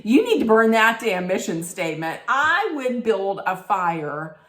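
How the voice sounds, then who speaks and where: A woman's voice: medium pitch, very animated, a little slow, fairly bright tone, roomy sound. A woman giving a snarky, blunt recap straight to her viewers, emphatic and sarcastic. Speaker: reality TV recap vlogger.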